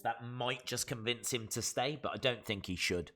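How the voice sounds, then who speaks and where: A man with a Black Country English accent hosts a wrestling live stream in loose, chatty talk. His voice sits in an ordinary middle pitch but has a bright, forward edge, and his opinions are full of fillers. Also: moderate pace, few pauses. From West Midlands, England. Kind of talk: casual live-stream chat, reading viewer comments.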